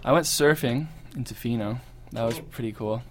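A man from Canada, a guest musician chatting casually in a radio studio, relaxed and easygoing with lots of fillers. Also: medium pitch, normal speed, slight background noise. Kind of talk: casual interview chat.

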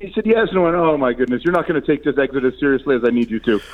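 A man, a guest on a radio show, telling stories in quick, animated casual chat. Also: medium pitch, highs cut off, slight background noise.

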